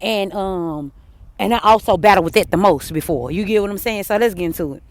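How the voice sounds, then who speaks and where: A woman telling a personal story to her viewers, blunt and cursing, swinging between heated outbursts and hushed apologies. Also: medium pitch, fairly quick. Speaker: vlogger. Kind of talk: emotional personal storytelling to camera.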